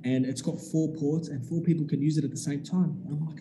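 An animated man in his thirties tells a story in casual chat. He has a very dark, mellow voice that sits a little high for a man and acts out the other people's lines as he goes. A faint noise hisses underneath. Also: brisk. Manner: animated, acts out quoted dialogue, swears casually. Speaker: business owner telling a story.

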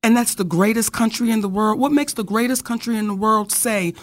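A woman co-hosts a podcast in casual discussion, speaking passionately and hammering her points home with preacher-style rhetorical questions. Her voice is on the high side, brisk, with few pauses.

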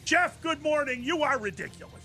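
A man hosting a sports radio show, talking in a laid-back, halting way with lots of fillers. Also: extremely high pitch, expressive, bright, forceful tone, soft background music. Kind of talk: casual radio talk.

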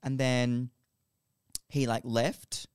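A man's voice: medium pitch, flat delivery, very slow, clean tone, dry recording, clean studio sound. A young man, a podcast guest, telling a dating story in casual chat, swearing freely and acting out the lines of the people in it. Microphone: podcast microphone.

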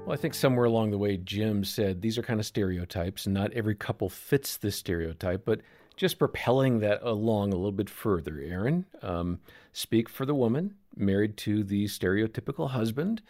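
Measured male co-host guiding the talk. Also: fairly low pitch, expressive, a little mellow. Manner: measured, steers the discussion. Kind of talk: interview conversation.

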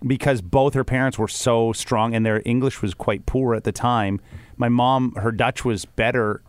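Man, radio host, casual chat, rambling, mid-pitched voice, dry close sound. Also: steady tone, normal speed, smooth, dry recording. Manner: rambling storyteller with restarts.

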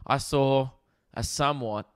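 A young Australian man, a comedian and podcast host, telling stories in an animated, rambling way with plenty of swearing, in a casual chat recorded in a rented apartment. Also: mid-range voice, a little slow, clear, resonant tone, no room sound, clean studio sound. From Victoria, Australia.

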